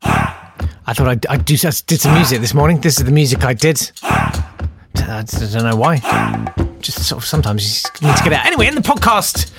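A man's voice: mid-range voice, big pitch swings, normal speed, pauses often. A man hosting a podcast in a casual chat, wry and rambling with jokey asides. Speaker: podcast host. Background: loud music.

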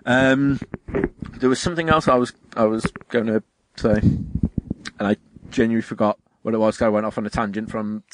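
A man co-hosting a casual chat, an animated storyteller who swears and laughs often. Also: on the low side, a little fast, noisy background. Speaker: podcast co-host.

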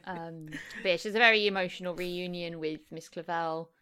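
A woman co-hosting a podcast, recapping a film in a relaxed, chatty way with lots of fillers. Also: lowish voice, normal speed, clear, resonant tone. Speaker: podcast co-host. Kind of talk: casual chat.

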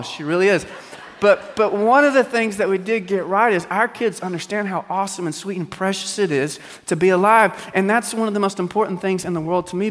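A middle-aged man preaches a sermon, full of comic family stories. His voice sits high, and he drops to near hush before rising again. The sound carries the long reverb of a large hall. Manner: humorous storytelling, swings between hushed and loud. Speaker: pastor.

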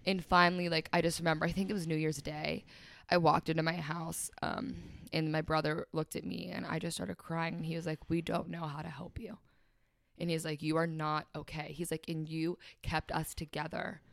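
A woman's voice: low voice, little pitch movement, fairly quick, creaky, no echo, clean studio sound. A young woman talking candidly and emotionally about her life as a podcast guest, with lots of "like" fillers and quoting others. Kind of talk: candid personal conversation.

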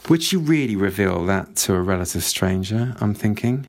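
A man's voice: lowish voice, expressive, moderate pace, few pauses, a little mellow. A man giving a casual spoken book review, sharing his opinions, reading passages aloud between his comments and asking listeners what they think. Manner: chatty, shares opinions and asks the audience.

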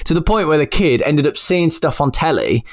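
A man in his thirties chatting casually as a podcast co-host, telling lively stories and acting out the quotes. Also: fairly high pitch, moderate pace. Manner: animated storyteller who acts out quotes. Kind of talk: casual chat.

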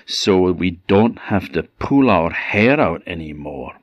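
A man's voice: sits low, lively intonation, slow pace, dry recording, muffled recording, heavily acted. A man with an Orkney Scottish accent voicing grateful women who tend an oven, speaking earnestly.

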